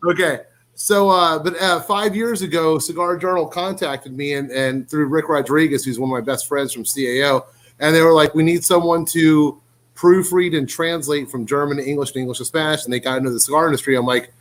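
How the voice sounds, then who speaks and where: Brief: guest man, lively storyteller, slightly high voice, loose and candid. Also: a little fast. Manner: animated storyteller, swears casually. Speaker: guest, cigar writer and language teacher. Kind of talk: casual podcast chat.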